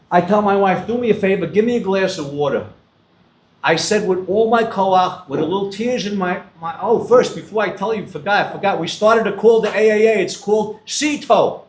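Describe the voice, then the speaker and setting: An older man giving a storytelling address to students as a guest speaker, acting out the dialogue in his stories. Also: high voice. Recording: roomy hall echo.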